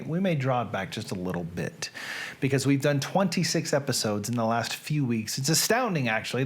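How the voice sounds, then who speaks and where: A man with a Southern accent hosting a live stream, chatting casually with viewers and reading poetry aloud slowly and theatrically with long pauses. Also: medium pitch. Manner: chatty, self-deprecating asides to viewers.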